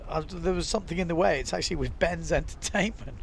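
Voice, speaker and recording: A young man commentates live on a sport in a relaxed, chatty way, often filling gaps with "you know" as he talks. His voice sits a little higher than most men's. A faint hum of noise runs underneath. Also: fast, gravelly, hardly any pauses. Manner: chatty, reads viewer comments, frequent "you know" fillers. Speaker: windsurf livestream commentator.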